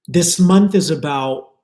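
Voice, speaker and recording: A man's voice: fairly high pitch, mellow, echoey room. A man giving a live spiritual talk to his viewers, earnest and flowing, repeating words for emphasis. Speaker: spiritual teacher.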